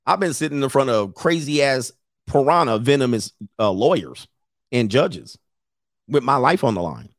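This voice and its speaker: A man's voice: mid-range voice, expressive, moderate pace, no room sound, studio quality. A middle-aged man giving blunt, profane advice in a casual talk, often mimicking others in a raised voice. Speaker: podcast host giving advice.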